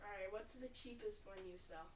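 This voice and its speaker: A woman's voice: medium pitch, moderate pace. Blunt woman player in an echoey room. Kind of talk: casual tabletop play. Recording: echoey room from far off, clear noise.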